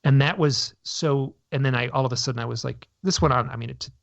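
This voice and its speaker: A man speaking with a gravelly, creaky voice, telling his story at length and often breaking off mid-sentence to restart. The audio is dry and slightly dull, like a lo-fi radio broadcast. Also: medium pitch, brisk, dry recording. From North America. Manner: rambling, self-interrupting, animated storytelling. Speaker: guest. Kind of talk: conversational interview storytelling.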